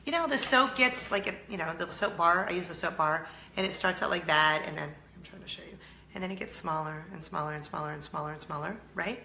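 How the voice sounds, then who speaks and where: A bright, forward-sounding woman with a slight Southern drawl, chatting to her viewers with a voice roughened by a lingering cold. She is self-mocking and laughs easily, and the room around her echoes a little. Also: on the low side, fairly quick, slight background noise. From California. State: hoarse from a cold. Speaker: vlog host. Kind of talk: casual chat to camera.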